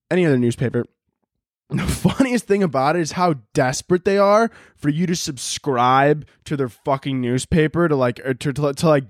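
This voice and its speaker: A man's voice: fairly high pitch, dry recording, studio quality. Profane, rambling young man ranting. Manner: profane, rambling, sarcastic, jumps between topics. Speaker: podcast host. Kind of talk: casual solo podcast rant.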